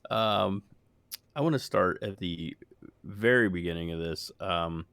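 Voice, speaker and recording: A man's voice: sits low, measured pace, gravelly, fairly bright tone, clear, resonant tone, no echo. A man co-hosting a podcast, rambling in casual chat, swearing freely and laughing often. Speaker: podcast co-host.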